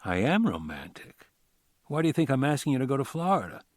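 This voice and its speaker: A man's voice: mid-range voice, very fast, a little mellow, no room sound, pitched above the performer's own voice, lightly acted. A man reading an audiobook, playing a blunt, wisecracking homicide detective with a dry, easy manner. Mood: wry.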